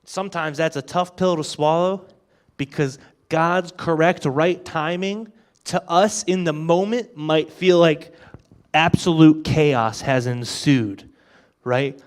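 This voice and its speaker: A man in his twenties preaching an energetic youth sermon. He talks in an animated, joking way and acts out the thoughts he quotes. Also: a little high, slow pace. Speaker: youth pastor.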